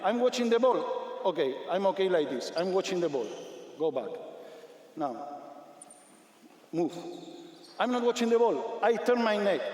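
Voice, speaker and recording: High-voiced man coaching in an echoey arena. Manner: energetic, repetitive commands, non-native English. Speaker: basketball coach. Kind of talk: on-court coaching demonstration. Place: large sports arena.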